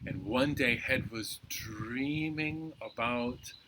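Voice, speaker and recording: A man telling a folktale to children at a library storytime in a playful, expressive way. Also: medium pitch, slow, noisy background.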